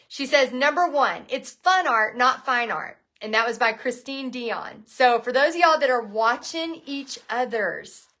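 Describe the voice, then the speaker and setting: A woman hosting a live online painting class, talking in an energetic, chatty way and often restarting her sentences. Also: fairly high pitch. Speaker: painting instructor and bootcamp host.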